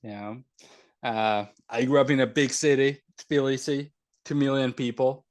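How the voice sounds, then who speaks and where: A man's voice: medium pitch, fairly even intonation, normal speed, a little mellow. A young man from the country of Georgia, a podcast guest chatting casually and joking. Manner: laid-back, joking, slangy. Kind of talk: casual chat.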